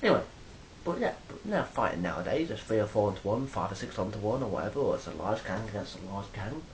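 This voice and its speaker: A man's voice: on the low side, very animated, fast, slight background noise, rough recording. Rambling man vlogging on a phone. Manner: rambling, swears freely, acts out quoted exchanges loudly. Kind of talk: casual monologue to camera.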